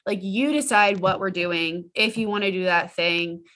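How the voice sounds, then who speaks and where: A woman's voice: mid-range voice, moderate pace, fairly bright tone. A young woman on a podcast, chatting casually about her experience as a patient, laughing often and filling her talk with "like.". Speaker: physical therapist and former patient, podcast guest. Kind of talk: casual chat.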